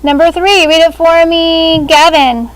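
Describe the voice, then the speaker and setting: High-voiced woman teaching a classroom. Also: steady tone, low-quality recording. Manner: brisk, calls on students by name. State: speaking through a face shield. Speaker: sixth grade language teacher.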